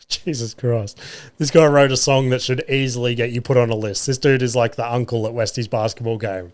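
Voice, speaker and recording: A man's voice: medium pitch, moderate pace, a little mellow. A man in his thirties with an Australian accent, hosting a podcast and telling wry, profane stories in a casual chat. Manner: profane, wry, lots of filler and acted-out quotes. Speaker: podcast host. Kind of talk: casual comedic storytelling. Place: home room.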